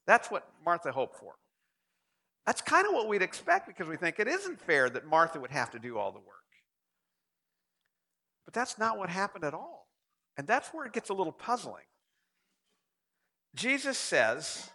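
A man's voice: high voice, huge pitch swings, normal speed, long pauses, pushed and bright. A male pastor preaching a sermon and putting rhetorical questions to his listeners.

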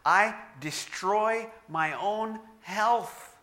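A man's voice: high-pitched, extremely slow, pushed and bright. A middle-aged man preaching a sermon, telling stories with self-deprecating humor. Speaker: pastor.

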